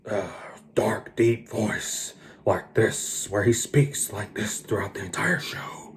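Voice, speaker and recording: A man doing an impression of a deep, monotonous, menacing crime boss. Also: slow. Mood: brooding. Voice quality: low, monotonous, hushed.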